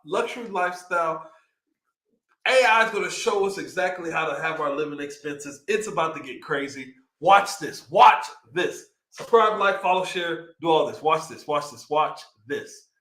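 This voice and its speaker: A young man with a Texan accent chats excitedly on a livestream, his voice bright and a little high. He reads out figures and riffs on them with hype. The sound is echoey, like a bare room. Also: normal speed. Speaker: livestream host. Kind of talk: casual livestream chat.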